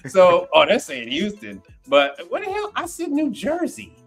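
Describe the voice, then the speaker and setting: A man hosting a casual livestream, animated and slangy, laughing often as he reacts to comments. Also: very high-pitched, a little slow, slightly rough, soft background music. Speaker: livestream host.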